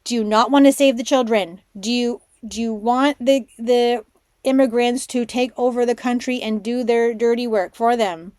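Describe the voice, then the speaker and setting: Woman, spiritual podcast host, excitable rambling storyteller, dry close recording. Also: on the high side, normal speed, dry recording. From Canada. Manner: excitable storytelling, drops to a hushed voice for her own thoughts. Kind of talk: casual monologue podcast.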